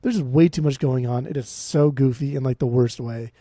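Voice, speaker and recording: A man in his late thirties co-hosting a podcast, sarcastic and profane, tossing off quick dismissive quips. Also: mid-range voice, warm tone, no room sound, studio quality. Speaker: podcast co-host. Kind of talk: casual podcast chat, ranking albums.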